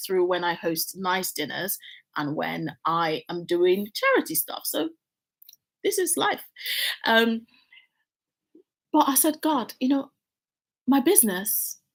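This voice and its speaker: A middle-aged woman vlogging at home, telling her life story candidly and acting out quoted lines with big jumps in her voice. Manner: animated, frank, acts out quotes with big pitch jumps. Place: home with building works nearby.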